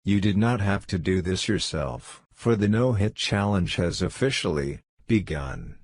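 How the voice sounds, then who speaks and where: A man's voice: low-pitched, expressive, unhurried, darkish tone, a little hiss or hum. A man reading a mock-epic introduction in a grandiose, theatrical manner.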